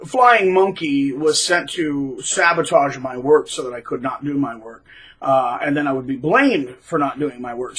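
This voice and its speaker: A man talks straight to his viewers in a loose, rambling monologue, stumbling over repeated words and filling gaps with ums. His voice is fairly high and husky, with a bright, tense edge. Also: low-quality recording. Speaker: channel host. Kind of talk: casual monologue to camera.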